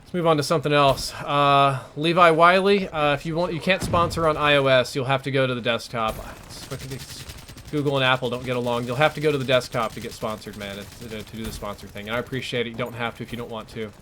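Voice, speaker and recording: Southern male gaming streamer, mid-range voice, frank and profane, live commentary over loud game gunfire. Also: mid-range voice, steady tone, fast talker, slight background noise. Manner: blunt, earnest, swears freely. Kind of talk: live gameplay commentary with chat. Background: video game gunfire.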